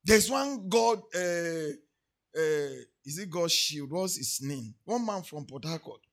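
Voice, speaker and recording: A man with a Nigerian English accent preaching a sermon, moving from quiet asides to shouted, sing-song declarations. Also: a little high, expressive, slow. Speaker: pastor.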